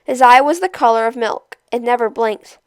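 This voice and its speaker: A woman reading a novel aloud chapter by chapter, in a steady, measured storytelling voice. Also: a little high, clean tone, dry recording. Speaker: storybook reader.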